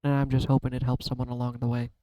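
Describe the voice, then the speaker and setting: A man speaks openly to his viewers while holding back tears, often trailing off and restarting. His voice is smooth and mellow with a fairly flat melody. The sound is close and dry. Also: mid-range voice, fast talker, no echo, low-quality recording. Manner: emotional, searching, trails off and restarts. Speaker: YouTube card-reading vlogger. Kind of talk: heartfelt personal talk to camera.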